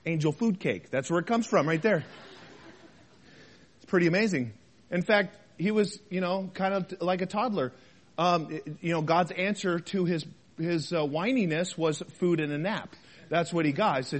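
A man preaching a conversational sermon as a pastor, asking the congregation rhetorical questions and swinging between loud emphasis and quiet asides. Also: sits high, normal speed, long pauses.

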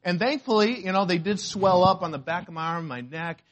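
High-voiced man preaching a sermon. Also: brisk, muffled recording. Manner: animated storytelling, shouts when acting out pain. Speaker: pastor. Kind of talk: sermon with a personal story.

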